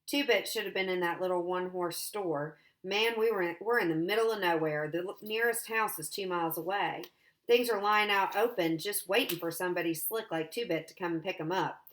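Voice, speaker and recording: A woman's voice: fairly low pitch, fairly quick, fairly bright tone, close to an everyday voice. A woman voicing a moody fourteen-year-old boy who sounds sullen and upset.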